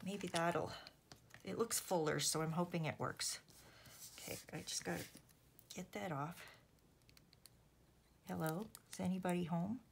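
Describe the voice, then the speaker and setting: A woman's voice: fairly low pitch, a little slow, gravelly, pauses often, slight background noise. A woman from Canada, chatting casually and self-deprecatingly to viewers while making cards, sometimes murmuring to herself. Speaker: host. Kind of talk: casual crafting vlog chat.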